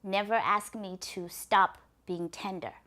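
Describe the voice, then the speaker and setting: Brief: a woman playing a firm, steady young wife in a told folktale, measured and deliberate. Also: mid-range voice. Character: firm young wife who becomes a beast.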